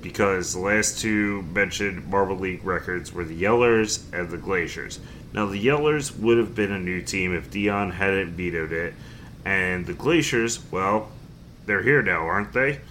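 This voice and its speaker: A man in a low register hosts a laid-back podcast, reading out listener emails between little jokes. His voice is bright and forward, and a faint background hiss sits under it. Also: measured pace. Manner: reads emails aloud with fillers and jokes. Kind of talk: casual podcast chat.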